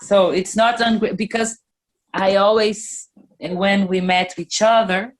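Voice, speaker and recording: Slow, halting woman. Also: mid-range voice, fairly even intonation. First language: Portuguese. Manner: searching for English words, halting and frank. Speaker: musician interviewee. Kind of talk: casual interview.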